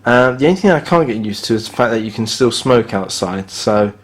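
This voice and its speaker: Talking fairly quickly and expressively in a mid-range voice, a man films his hotel room on a handheld camera and gives an offhand review. He's blunt, slightly sarcastic, and keeps grumbling about the broken fittings.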